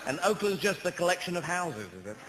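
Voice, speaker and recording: A man's voice: high voice, very animated, fast talker. A British man doing a stand-up comedy routine on stage, rambling and digressive, correcting himself mid-sentence and swearing often, with a live audience laughing. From Britain. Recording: echoey live venue with crowd and noise.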